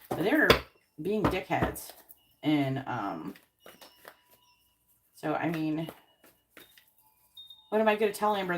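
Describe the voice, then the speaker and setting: A woman's voice: lowish voice, background noise. Indignant woman ranting casually. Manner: indignant, swears freely, many fillers. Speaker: tarot card reader host. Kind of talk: casual storytelling rant.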